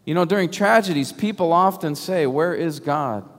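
A man preaching a sermon, emphatic and full of rhetorical questions, sometimes dropping to a hush. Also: a little high, moderate pace. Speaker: pastor. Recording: long hall reverb.

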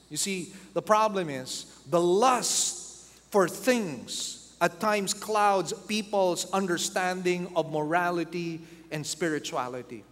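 A man's voice: sits high, a little slow, a bit bright. A man preaching a sermon as pastor, acting out quoted voices and repeating key phrases for emphasis. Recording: long hall reverb.

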